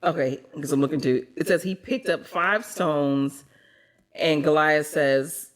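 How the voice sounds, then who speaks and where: A woman co-hosting a podcast, retelling a story in casual chat. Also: unhurried. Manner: chatty, swoops up high when excited. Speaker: podcast co-host.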